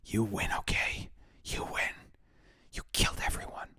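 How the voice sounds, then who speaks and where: A man's voice: normal speed, bright, forceful tone, no echo, studio quality, lightly acted. A man reading a heartbroken young woman's lines from a game aloud as whispered role-play, pleading and blaming herself. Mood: bitter. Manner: pleading, self-reproaching, breaks into unvoiced whisper.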